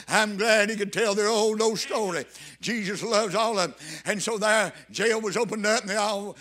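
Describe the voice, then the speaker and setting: A man's voice: sits high, normal speed, sharp tone. A man preaching a sermon, fervent and emphatic, repeating phrases for weight. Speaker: pastor.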